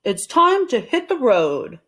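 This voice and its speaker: A brisk, bossy middle-aged husband, as a woman puts him on in a read-aloud storybook. He gives hearty orders in a slow, lively voice that swings up and down. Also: high voice, pitched above the performer's own voice, exaggerated voice.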